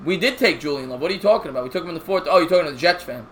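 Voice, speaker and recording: A man's voice: a little high, animated, rapid-fire, a bit bright, a little hiss or hum. A man, calling baseball play-by-play on a live stream while chatting with viewers. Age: 30s. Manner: chatty, jokey, reads viewer comments aloud. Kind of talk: casual play-by-play with chat shoutouts.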